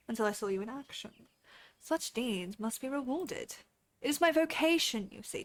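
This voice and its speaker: Brief: pompous male chronicler of heroes, a woman reads him in her own voice, formal and archaic, fairly high. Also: lightly acted. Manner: formal, archaic, flowery delivery. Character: grandiose male chronicler of heroic deeds.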